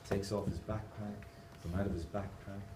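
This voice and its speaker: A man's voice: fairly low pitch, flat delivery, normal speed, loud music behind the voice. A man with an Irish accent giving a playful, humorous conference talk, explaining his drawings as he goes. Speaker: conference speaker. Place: large conference hall. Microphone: distant camera. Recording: echoey hall from far off, noisy.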